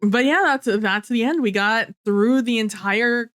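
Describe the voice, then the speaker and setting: A woman's voice: a little high, unhurried, fairly bright tone, clean tone, no echo, studio quality. A young woman co-hosting a podcast, talking through a book in a loose, chatty way with lots of fillers. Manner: chatty, many fillers, mock-quotes characters. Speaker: podcast co-host. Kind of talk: casual book-club chat.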